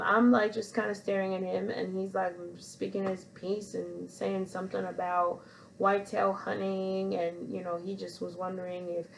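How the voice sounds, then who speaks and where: A woman vlogger telling a story in a relaxed, rambling way, circling back on herself often. Her voice sits at a middle pitch with a gravelly fry, and a faint hiss runs behind her. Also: poor audio. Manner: rambling, full of fillers and restarts. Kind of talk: casual storytelling to camera.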